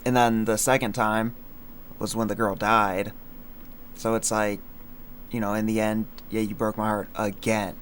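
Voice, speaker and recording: A man's voice: on the low side, flat delivery, unhurried, long pauses, a bit bright, a little hiss or hum. A young man in casual livestream chat, rambling with many fillers and slang as he breaks down his own song lines. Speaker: streamer explaining his song.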